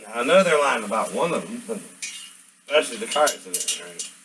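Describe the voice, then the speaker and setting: A man's voice: mid-range voice, sing-song, brisk, a bit bright, slight background noise, low-quality recording. A man vlogging at home, rambling and venting as he talks to absent people and keeps asking "right?". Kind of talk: rambling monologue to camera.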